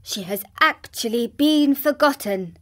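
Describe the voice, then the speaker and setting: A woman's voice: high-pitched, lively intonation, unhurried, a bit bright, a little hiss or hum, pitched above the performer's own voice. Startled tired officer, a woman reading him. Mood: dismayed. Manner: startled, exclaiming. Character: large, tired, troubled male army officer.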